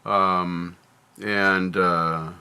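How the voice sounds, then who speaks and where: A man streaming, talking candidly and reflectively about his life, halting with fillers and restarts. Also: low-pitched, level tone, bright, forceful tone, smooth. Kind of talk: candid personal talk on stream.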